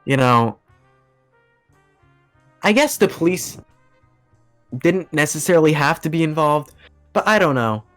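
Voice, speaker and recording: A man's voice: fairly high pitch, expressive, measured pace, long pauses, fairly bright tone, soft background music. A young man telling a long story on a podcast in casual chat, rambling with lots of fillers and laughing as he goes. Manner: rambling, laughing, acts out quoted voices. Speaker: podcast guest.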